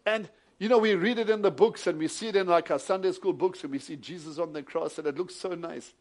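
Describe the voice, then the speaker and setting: A male preacher, moving between hushed retelling of a story and loud, emphatic preaching. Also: high voice, a little fast. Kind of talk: sermon with storytelling.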